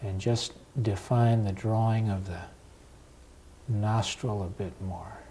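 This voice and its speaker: A man teaching an oil portrait step by step, talking calmly with pauses while he paints. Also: fairly low pitch, slight background noise. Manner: slow, unhurried and calm, with pauses while working. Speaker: painting instructor.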